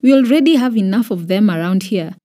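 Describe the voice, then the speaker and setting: Kenyan woman reading a mocking foreign king, raised voice, mellow timbre. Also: mid-range voice, lively intonation, fairly quick, close to an everyday voice. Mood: scornful. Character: scornful foreign male king.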